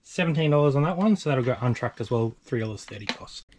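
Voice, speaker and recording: A man's voice: medium pitch, animated, quick pace, darkish tone, a little hiss or hum. A young Australian man co-hosting a reselling vlog, chatting matter-of-factly through items and prices. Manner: chatty, matter-of-fact listing of sales. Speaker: eBay reseller co-host. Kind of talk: casual vlog walkthrough.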